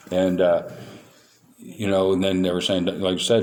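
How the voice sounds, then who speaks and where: A man's voice: sits low, monotone, moderate pace. A man speaking at a recovery meeting, telling his story candidly and with self-mocking humor.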